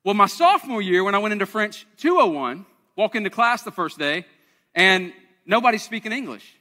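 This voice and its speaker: A man's voice: sits high, big pitch swings, brisk, bright, forceful tone, in a large hall. A man, preaching a conversational, self-deprecating sermon to his congregation in a church. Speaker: pastor. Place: church sanctuary.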